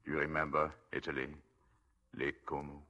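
A man's voice: a bass voice, monotone, normal speed, bright, forceful tone, lo-fi sound, full character voice. An actor playing a scheming, desperate husband in a 1940s radio drama, pleading with his wife. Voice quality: gravelly, pleading.

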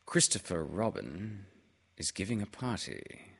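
A man's voice: deep voice, big pitch swings, measured pace, gravelly, fairly bright tone, slightly rough, full character voice. A man doing a fussy pompous owl. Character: fussy, self-important male owl.

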